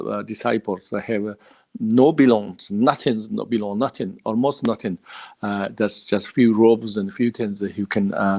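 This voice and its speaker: A man from the Himalayan region giving a dharma talk as a Buddhist teacher, in halting non-native English full of hesitations and restarts, chuckling between points. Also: mid-range voice, darkish tone.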